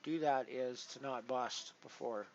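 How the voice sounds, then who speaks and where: Rambling man streaming poker, loudness swinging. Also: mid-range voice, measured pace, highs cut off, background noise. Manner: rambling, with many restarts and big swings in loudness. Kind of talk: casual live-stream commentary. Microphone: headset.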